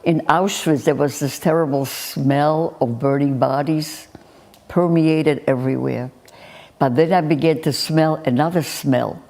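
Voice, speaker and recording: Low gravelly older woman remembering. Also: steady tone, a little slow, dark tone. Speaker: Holocaust survivor interviewee.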